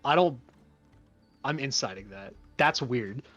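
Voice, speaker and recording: A man's voice: medium pitch, expressive, unhurried, fairly bright tone, no echo, highs cut off, faint music behind. A man playing in a tabletop game who chats casually about his character's moves. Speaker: player.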